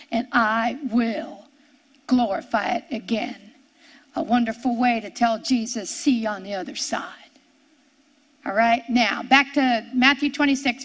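A woman teaching a sermon, reading scripture aloud and repeating key lines with slow, drawn-out emphasis. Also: sits high, fairly bright tone. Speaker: Bible teacher.

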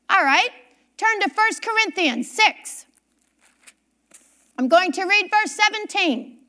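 A woman's voice: extremely high pitch, animated, a little slow, pauses often, sharp tone. A woman preacher delivering a sermon, reading scripture aloud, repeating key phrases for emphasis and asking her congregation questions.

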